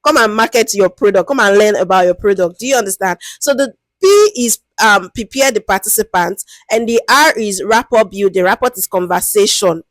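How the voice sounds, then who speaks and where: A woman with a Nigerian accent giving a casual, lively lesson, often checking that listeners follow and acting out interview lines. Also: brisk, no room sound. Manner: lively, conversational, keeps asking "do you understand?"; acts out interview lines in a higher, sweeter voice. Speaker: product management teacher. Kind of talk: casual explanatory talk.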